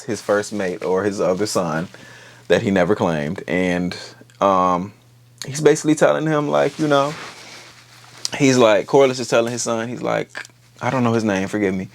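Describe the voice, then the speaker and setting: A man casually recapping a TV episode, animated and profane, acting out the characters' lines as he goes. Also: on the low side, gravelly, a little hiss or hum. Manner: animated, profane, acts out quotes. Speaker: TV episode reviewer.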